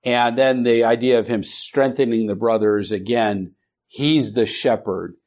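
A man teaching a Bible study class, speaking haltingly with many restarts and questions to the students. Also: mid-range voice, a little mellow.

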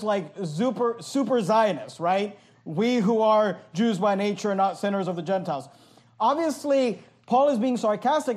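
High-voiced emphatic male preacher. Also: darkish tone. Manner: emphatic, sarcastic asides, repeats phrases. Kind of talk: verse-by-verse sermon.

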